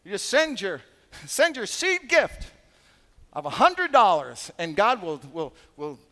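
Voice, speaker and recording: A Canadian pastor with a fairly high voice preaches in a casual, joking way and slips into little voices for the people he quotes. His talk rings out with the long reverb of a large church hall. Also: big pitch swings, a little slow, bright, forceful tone. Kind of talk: sermon.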